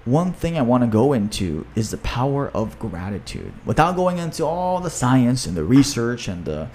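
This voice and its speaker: A man who coaches fitness and runs a gym, talking in a casual podcast chat. He talks in an upbeat way, with quick runs full of fillers. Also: mid-range voice, sing-song, darkish tone, a little hiss or hum. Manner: upbeat, talks fast with many fillers, reads aloud from his own book.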